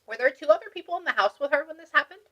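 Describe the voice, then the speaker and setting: Bright, excitable woman medium. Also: high-pitched, very fast, highs cut off. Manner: excitable, laughs often, relays what a spirit says. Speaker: spiritual medium. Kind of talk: reading session for a client.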